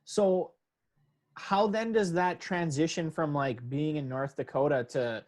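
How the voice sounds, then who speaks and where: A man's voice: a little high, fairly even intonation, unhurried, a little mellow. A man hosting a casual podcast interview, giving short replies and asking follow-up questions. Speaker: podcast host.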